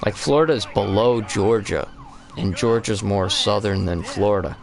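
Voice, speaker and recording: A young man with a lowish voice chats casually on a live game stream. He tells rambling stories and swears often, with an easygoing, meandering delivery. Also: moderate pace, creaky. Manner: rambling, profane, storytelling. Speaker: streamer co-host. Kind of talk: casual chat while gaming.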